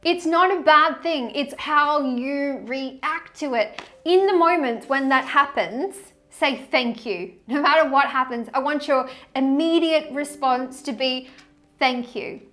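Woman, high bright-pitched tarot vlogger, effusive, rambling, laughs a lot. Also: a little slow, soft background music. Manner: chatty, effusive, laughs often, trails off mid-sentence. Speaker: tarot reader. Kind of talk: casual tarot reading to camera.

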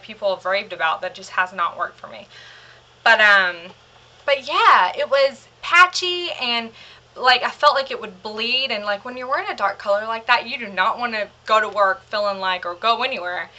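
Sharp in tone and mid-range in pitch, a young beauty vlogger chats casually through a makeup haul. She's hurrying, a touch out of breath, and rambles and gushes with frequent fillers.

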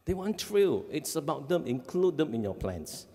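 Man, Singaporean English, family life educator, seminar talk, animated with audience check-ins, slightly high pitch, hall reverb. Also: normal speed. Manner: animated, acts out kids' voices, frequent "okay?" checks.

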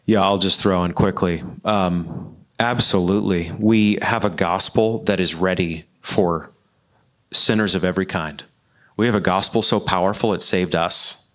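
Impassioned lower-voiced man. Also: steady tone, a little slow, a bit bright. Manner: earnest, impassioned, repeats phrases. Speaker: panelist. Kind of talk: church Q&A panel talk.

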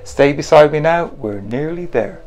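A man reading a storybook aloud and voicing a big, caring mother whale in a warm, reassuring way. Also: on the high side, expressive, moderate pace, faint music behind, natural voice. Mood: relieved.

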